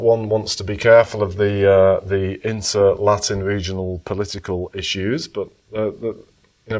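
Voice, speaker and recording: A man's voice: on the low side, a little mellow. A man giving an economics talk to an audience and answering questions, thoughtful and emphatic, often correcting himself as he goes. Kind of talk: lecture with audience Q&A. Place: lecture room. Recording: voice from far off the mic.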